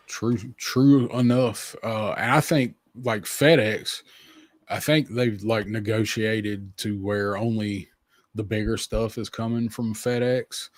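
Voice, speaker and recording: Easygoing low-voiced podcast host. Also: male voice, steady tone, slow, dry recording. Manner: easygoing, rambling, lots of fillers. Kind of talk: casual chat.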